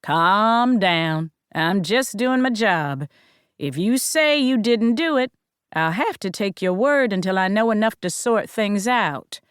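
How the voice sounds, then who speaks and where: A woman narrator voicing a gruff, suspicious male small-town sheriff who talks bluntly in a folksy drawl. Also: mid-range voice, lively intonation, takes it slowly, no room sound, clean studio sound.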